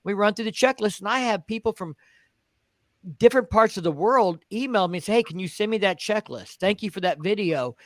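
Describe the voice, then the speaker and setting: A man's voice: high voice, lively intonation, fairly quick, a bit bright, no echo. A man who makes motorcycle videos, talking plainly and folksily in a casual group chat.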